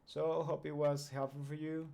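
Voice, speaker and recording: A man's voice: on the high side, flat delivery, moderate pace, creaky, mellow. A man whose first language is Spanish, giving a patient, step-by-step grammar lesson in English that often checks in with the viewer. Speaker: English teacher. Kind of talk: explanatory video grammar lesson.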